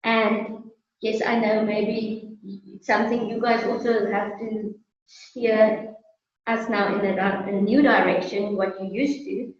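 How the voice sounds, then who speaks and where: A woman's voice: medium pitch, fairly even intonation, slow pace. A South African woman talking as a guest business owner in a friendly, casual interview, laughing often. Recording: echoey, distant, muffled sound.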